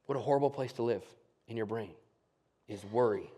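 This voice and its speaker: A man preaching a sermon in church, earnest, swinging from loud emphasis to hushed, near-whispered lines. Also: lowish voice, brisk, husky. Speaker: pastor.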